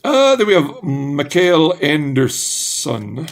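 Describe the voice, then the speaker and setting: Slow, unhurried man reading out cards. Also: fairly high pitch. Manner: reads names off cards in a slow, drawn-out way with offhand asides; perks up in bursts of excitement over good pulls. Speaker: card collector opening packs. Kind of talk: casual pack-opening commentary.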